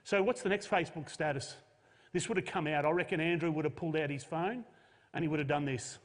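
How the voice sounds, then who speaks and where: A man's voice: on the high side, fast talker. A man, a pastor preaching a sermon and telling a Bible story with jokey modern asides. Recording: long hall reverb.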